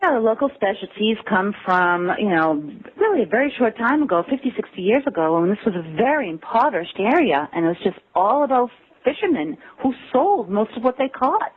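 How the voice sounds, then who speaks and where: Speaking a little fast in a fairly high voice with a breathy edge, this American woman is a guest in a relaxed interview heard through a tinny phone connection. She animates her stories by performing quotes and laughing.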